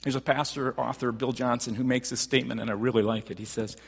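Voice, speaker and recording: A man preaching a sermon as pastor, talking conversationally with frequent restarts and rising to animated emphasis. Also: medium pitch, fast talker, vocal fry, hardly any pauses, breathy edge, in a large hall.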